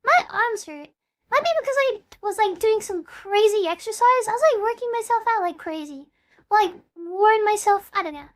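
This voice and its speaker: A young woman in her twenties, with a very high, light voice, chats casually on her live stream from a home desk mic. She rambles, giggles and pokes fun at herself between greetings to chat. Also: animated, normal speed, a bit bright. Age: 20s. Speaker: VTuber streamer.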